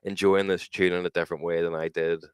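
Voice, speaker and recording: A man's voice: deep voice, flat delivery, fast, smooth, no echo, studio quality. A young man with a Northern Irish accent, co-hosting a podcast, joking and swearing through his stories. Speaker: co-host. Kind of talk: casual podcast banter.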